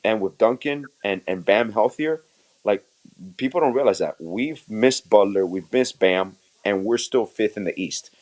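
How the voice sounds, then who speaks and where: A man's voice: on the low side, normal speed, a little mellow. A man of Cuban background co-hosting a sports podcast, explaining things in a loose, laid-back way. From Cuban family. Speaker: podcast co-host. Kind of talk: casual sports chat.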